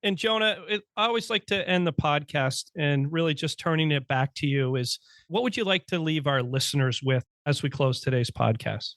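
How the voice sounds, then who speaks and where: A man hosting a podcast interview, cheering his guest on with quick, encouraging remarks. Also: fairly high pitch, expressive, no room sound. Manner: warmly encouraging, quick affirmations. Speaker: podcast host. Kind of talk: casual interview.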